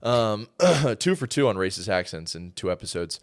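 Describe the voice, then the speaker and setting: A young man from Georgia co-hosting a podcast, telling animated, profane stories in casual chat and acting out what people said. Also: lowish voice, normal speed, clear, resonant tone, no echo, clean studio sound. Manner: animated, profane, acts out quoted voices. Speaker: podcast co-host.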